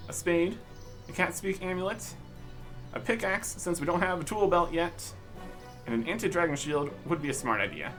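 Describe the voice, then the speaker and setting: A man giving casual let's-play commentary, wry and easygoing as he reads game text aloud. His pitch is lively and moves a lot. Faint music plays underneath. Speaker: gaming YouTuber.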